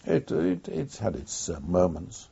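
Husky, gravelly older man reminiscing. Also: deep voice, sing-song, dark tone. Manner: unhurried, reflective storytelling with frequent pauses. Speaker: former wartime pilot interviewee. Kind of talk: oral history interview. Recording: dull lo-fi recording.

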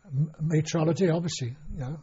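A man's voice: a little high, fast, warm tone, breathy edge. An older man recalling his past in an oral history interview, rambling with many restarts and fillers. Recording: dull lo-fi recording.

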